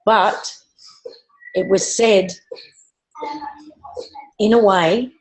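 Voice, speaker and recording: A woman's voice: mid-range voice, steady tone, extremely slow, low-quality recording. A woman co-hosting a live online talk show, speaking bluntly and animatedly, with casual swearing. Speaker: podcast co-host.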